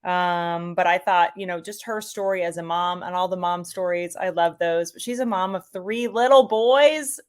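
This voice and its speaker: A woman's voice: on the low side, normal speed, hardly any pauses. A middle-aged woman, a soccer commentator, chatting enthusiastically as a guest with lots of fillers. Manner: enthusiastic, animated, many fillers. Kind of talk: casual interview chat.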